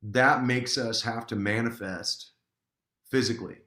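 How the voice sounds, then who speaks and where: Male guest, easygoing, bright tense tone, roomy sound. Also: medium pitch, fairly even intonation, measured pace. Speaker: guest musician. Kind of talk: casual interview.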